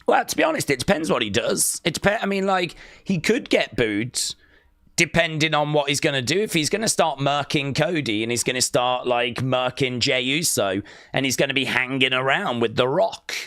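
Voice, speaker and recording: A man hosting a live watch-along stream, chatting casually and jokily, reading out chat and breaking into sudden excited shouts. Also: mid-range voice, moderate pace, no room sound, studio quality. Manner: excitable, jokey, with sudden loud outbursts.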